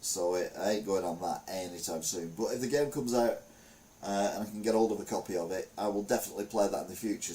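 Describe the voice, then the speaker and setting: A man's voice: sits low, dark tone, slight background noise. A middle-aged man chatting casually as a show host, rambling with lots of fillers. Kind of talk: casual chat.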